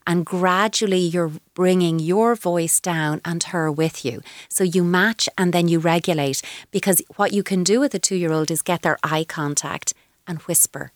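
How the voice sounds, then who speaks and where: Woman, lower voice, parenting expert on a dry studio mic, playful explainer. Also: steady tone, moderate pace, no echo. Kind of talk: advice radio chat.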